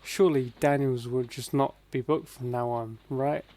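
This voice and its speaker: A man's voice: medium pitch, steady tone, moderate pace, mellow. A man co-hosting a podcast, making dry, wry remarks in casual chat. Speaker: podcast co-host.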